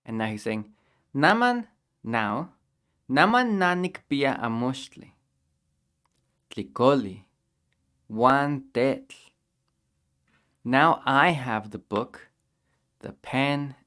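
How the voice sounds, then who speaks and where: Slow, patient male language teacher. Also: medium pitch, a bit bright. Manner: patient, repeats each phrase slowly for learners. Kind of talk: language lesson explanation.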